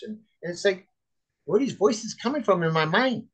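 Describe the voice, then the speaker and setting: Earnest man telling his story, slightly high. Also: lively intonation, normal speed, a bit bright, slightly rough, rough recording. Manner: earnest, rambling, with many fillers and restarts. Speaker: guest, chaplain and author. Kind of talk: personal testimony storytelling.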